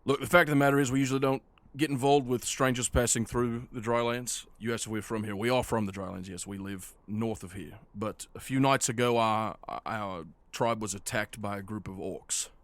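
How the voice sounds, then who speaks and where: A man voicing a weary, guarded half-orc tribe leader who speaks in a measured, firm way. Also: on the low side, steady tone, dry recording, lightly acted.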